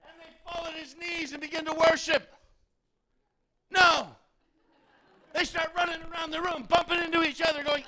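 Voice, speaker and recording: A man preaching a sermon, telling a story dramatically and acting out the people in it, sometimes shouting. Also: extremely high pitch, little pitch movement, moderate pace, long pauses, crowd noise. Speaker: pastor.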